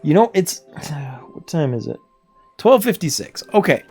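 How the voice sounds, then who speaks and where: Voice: mid-range voice, big pitch swings, unhurried, a little mellow, husky. A streamer chatting casually while playing a game, talking to themself and laughing often, with faint game music behind. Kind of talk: casual livestream chat while gaming.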